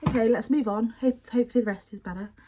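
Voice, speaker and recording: A woman's voice: on the high side, fairly even intonation, quick pace, warm tone, a little hiss or hum. A young woman chatting casually and expressively as she unboxes and sniffs bath products, often poking fun at herself. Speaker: beauty product unboxing vlogger.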